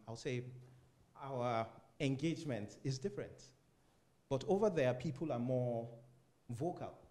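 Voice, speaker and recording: Man, startup founder, panel talk, lively storytelling, mid-pitched voice. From Africa. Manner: animated, acts out loud phone talk with laughter.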